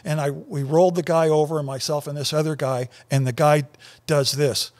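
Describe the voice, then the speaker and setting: Older male co-host, animated storyteller, slightly higher voice. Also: moderate pace. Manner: animated, acts out the voices of people in his story. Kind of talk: casual storytelling chat.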